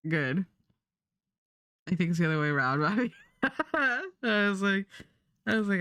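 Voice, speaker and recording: A woman's voice: fairly low pitch, moderate pace, pauses often, fairly bright tone, no room sound. A young adult woman streaming, chatting casually and rambling while she draws, swearing now and then.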